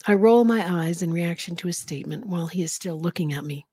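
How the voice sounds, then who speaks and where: A woman's voice: on the low side, quick pace, mellow, husky, dry recording. A woman hosting a podcast, reading a novel aloud in a casual way with giggly asides. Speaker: podcast host and reader.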